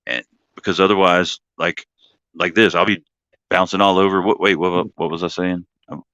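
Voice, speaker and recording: Rambling, laugh-prone man hosting a stream chat. Bright, forceful voice set a little low, recorded dry and lo-fi. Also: fairly even intonation, moderate pace, no echo. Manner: rambling, laughs often, self-deprecating. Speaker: host. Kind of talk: casual live-stream chat.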